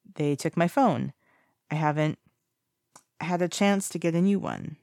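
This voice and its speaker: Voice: mid-range voice, a little slow, creaky, darkish tone, dry recording, clean studio sound. A reader voicing a guarded young man who speaks with cool, detached politeness. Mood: careful. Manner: evasive, coolly detached.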